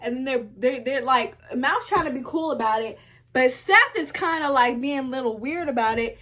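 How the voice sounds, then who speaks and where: A young woman recapping a TV show in casual commentary, sassy and animated, talking back to the characters. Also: sits high, moderate pace. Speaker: video essay host.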